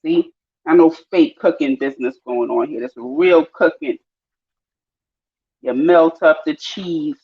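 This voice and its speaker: A woman's voice: low voice, a little slow, pauses often. Chatty woman cooking. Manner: laughing, chatty, slangy. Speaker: live-stream host. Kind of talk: casual chat while cooking. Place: home kitchen. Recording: dull lo-fi stream audio.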